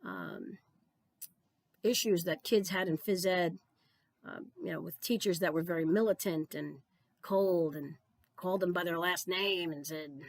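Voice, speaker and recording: Speaking slowly with lively intonation, this woman's voice sits on the low side and the recording has no echo. She's an older retired physical education supervisor from New Jersey giving a heartfelt, conversational keynote where she repeats important phrases to drive them home.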